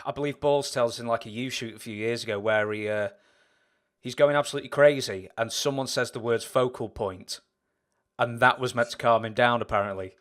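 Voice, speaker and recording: A man's voice: mid-range voice, fairly even intonation, brisk, fairly bright tone. A man interviewing a guest in a laid-back, casual way, prompting him for stories.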